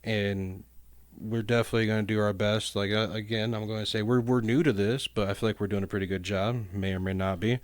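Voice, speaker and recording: A man rambles through casual podcast chat, laughing at himself as he goes. His voice is smooth and resonant, recorded dry and close. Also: on the low side, level tone, fairly quick, dry recording. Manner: rambling, laughs often, self-deprecating. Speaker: podcast co-host.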